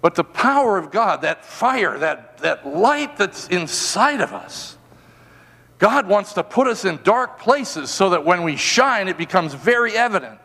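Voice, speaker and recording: Animated preaching man in a reverberant hall. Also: sits high, measured pace, gravelly. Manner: animated preaching, rhetorical questions, drops to soft emphatic repetitions. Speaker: pastor. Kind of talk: sermon. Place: church sanctuary.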